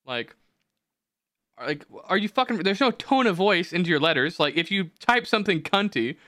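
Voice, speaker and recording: Young male podcast host, brash and profane, bright voice, dry studio sound. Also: sits high, moderate pace, no room sound. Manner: profane, animated storytelling with mocking quoted voices. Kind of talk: casual chat.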